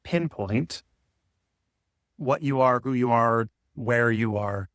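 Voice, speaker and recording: A man's voice: mid-range voice, slow, fairly bright tone, no echo. Musing man in a dry close room. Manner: musing, self-interrupting, playful asides. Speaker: vlogger. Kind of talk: rambling philosophical monologue.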